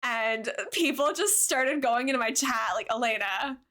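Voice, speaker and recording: A woman's voice: high-pitched, moderate pace, a bit bright. A young woman streaming a game, chatting bubbly and giggly with her viewers and reading chat aloud. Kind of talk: casual livestream chat with viewers.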